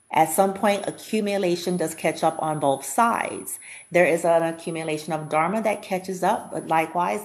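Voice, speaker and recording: A woman giving a casual spiritual reading to her viewers, chatty and blunt, swearing freely and often repeating herself as she thinks aloud. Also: lowish voice. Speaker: spiritual reader.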